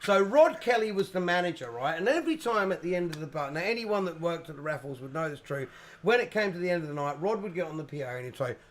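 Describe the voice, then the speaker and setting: Animated high-pitched male storyteller. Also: fast. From England. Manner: animated, laughing storyteller, swears. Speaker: musician guest. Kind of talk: casual storytelling chat.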